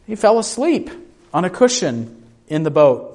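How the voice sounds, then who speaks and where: A man preaching with a slightly higher voice than most men. He keeps asking his listeners questions and voices the people in the story himself. He moves between hushed moments and raised, urgent ones. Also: sing-song, a little slow. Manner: asks the congregation questions, acts out quoted voices. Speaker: pastor. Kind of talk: sermon.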